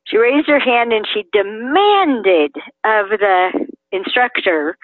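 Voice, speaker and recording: Woman guest, animated storyteller who acts out quotes. Phone-line audio, dry. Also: medium pitch, slow pace, no echo. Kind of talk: interview chat.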